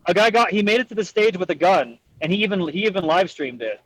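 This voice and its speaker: A man's voice: high-pitched, lively intonation, fast, rough recording. A young man in casual podcast chat, earnest and hedging, often restarting his sentences. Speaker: podcast co-host.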